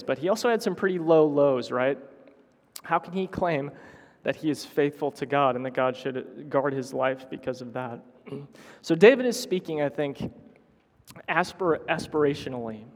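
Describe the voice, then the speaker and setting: A man preaching a sermon to his congregation, halting with restarts and clearing his throat often. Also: medium pitch. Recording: long hall reverb.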